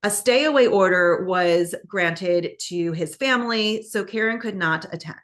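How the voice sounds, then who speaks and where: Bright-voiced woman recounting a case. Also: on the low side, measured pace. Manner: conversational, many fillers, acts out quoted lines. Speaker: podcast host. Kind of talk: casual true-crime storytelling.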